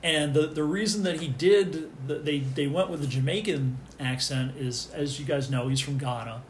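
A man's voice: on the high side, normal speed. A middle-aged man talking as a guest in a casual podcast chat, rambling with many restarts and fillers. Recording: echoey room, faint background noise.

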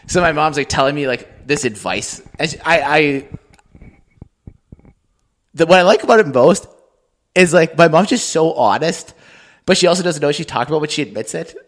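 Animated man in casual podcast chat. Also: fairly high pitch, normal speed, long pauses. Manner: chatty, acts out quoted people in put-on voices. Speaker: podcast co-host.

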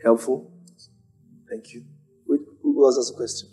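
Husky higher-voiced preacher guy, repeats himself a lot, soft music under it. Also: moderate pace. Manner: animated preaching, repeating phrases, acting out shouts. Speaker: pastor. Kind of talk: church teaching with questions.

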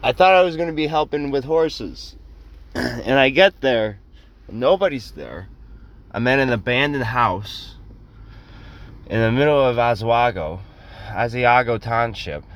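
A man's voice: mid-range voice, a little slow, pauses often, a bit bright, dull audio. A young man telling a rambling, self-deprecating comic story in a casual way, acting out quotes in other voices.

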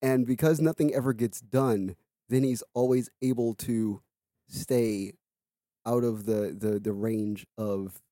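A man's voice: medium pitch, fairly even intonation, takes it slowly, mellow, no echo, clean studio sound. A man co-hosting a casual political podcast, speaking loosely and filling gaps with "like" and "um". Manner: loose and conversational, with many fillers like "like".

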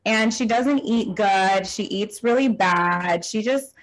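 A woman's voice: medium pitch, slow, poor audio. A woman co-hosting a casual chat, telling stories animatedly, swearing freely and acting out what she said. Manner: animated storyteller, swears freely, acts out her own quoted lines. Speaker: podcast co-host.

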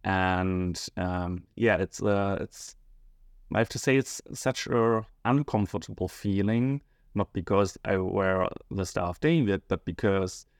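Low-voiced man, halting interview answers. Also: clear, resonant tone, no room sound, clean studio sound. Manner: hesitant, many fillers and restarts, searching for words. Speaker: interview guest, schoolteacher.

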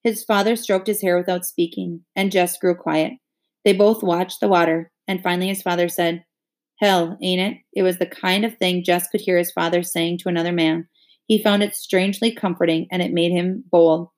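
A woman narrating a novel chapter aloud, expressive and rising with the emotion of the scene. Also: lowish voice, moderate pace.

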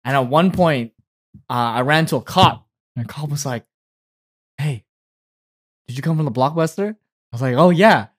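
A man's voice: fairly high pitch, animated, moderate pace, pauses often. A young man co-hosting a casual podcast, telling a story and acting out his younger self. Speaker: podcast co-host.

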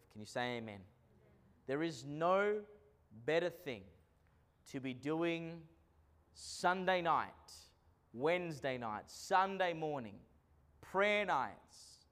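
A man preaching a sermon as pastor, swinging between loud declarations and quiet asides. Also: medium pitch.

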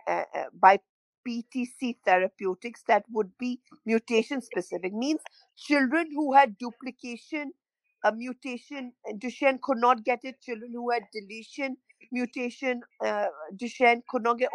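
A middle-aged woman, a parent telling her story in an interview, halting and emotional, often repeating words. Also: fairly high pitch, no room sound, poor audio. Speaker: parent of a child with a rare illness, interview guest.

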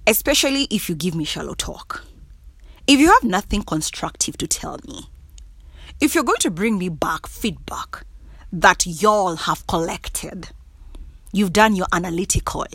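A woman's voice: fairly low pitch, slightly rough, dry recording. A young Kenyan woman with a Kenyan accent, vlogging casually, laughing often and speaking bluntly with frequent swearing. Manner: laughs often, blunt and cussing, animated and emphatic. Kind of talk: casual monologue to camera.

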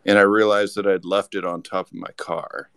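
A man's voice: low-pitched, flat delivery, moderate pace, creaky, fairly bright tone, clean tone, no room sound. A man telling a rambling anecdote as a podcast guest, with lots of restarts. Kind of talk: casual storytelling.

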